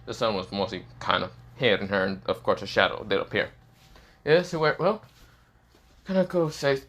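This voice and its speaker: A man with a lowish voice narrating an improvised fan story. His telling is rambling and casual, with plenty of fillers and profanity. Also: very animated, normal speed, fairly bright tone.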